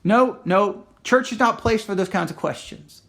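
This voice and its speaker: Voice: medium pitch, moderate pace, a bit bright. Impassioned Christian commentator reading the news. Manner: impassioned, emphatic, with frequent restarts and acted quotes.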